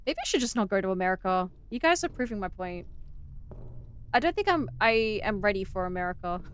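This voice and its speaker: A woman's voice: mid-range voice, sing-song, a little fast, slight background noise. An Australian woman streaming a game, chatting with viewers in a joking way and laughing often. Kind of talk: casual gameplay chat.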